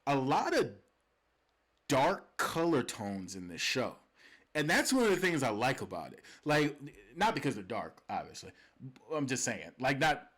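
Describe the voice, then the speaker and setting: A young man co-hosting a podcast in casual chat, animated and often laughing, with many restarts. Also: medium pitch. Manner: animated, laughing, repeats and restarts, drops to a soft hushed voice. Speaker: podcast co-host.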